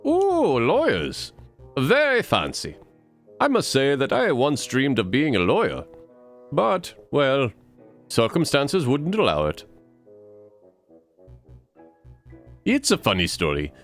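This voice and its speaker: A man playing a gushing bird chocolatier in a comedy game read, voiced well above his own pitch with a put-on foreign accent. The lines swoop and flutter with excitement. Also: unhurried, soft background music. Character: gushing male bird chocolate shop owner.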